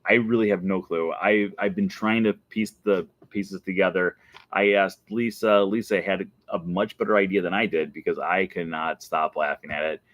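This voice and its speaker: A man with a lowish voice chats excitedly in a casual vlog and keeps breaking into giggles. The sound is close and dry, with no room around him. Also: moderate pace, dry recording, lo-fi sound. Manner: excited, animated storytelling. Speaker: show host.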